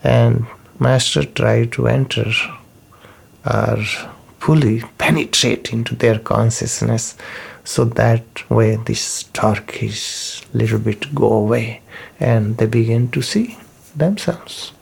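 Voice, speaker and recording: Slow gravelly man teaching. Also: mid-range voice, darkish tone. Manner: unhurried, repeats key terms, non-native phrasing. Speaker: spiritual teacher. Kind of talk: slow spoken teaching talk.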